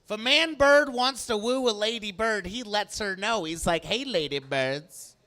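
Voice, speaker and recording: A male stand-up comedian works a club crowd through a handheld mic with animated energy, jumping between loud bursts and quiet asides. His voice is very high-pitched and bright, with a forceful edge. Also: normal speed.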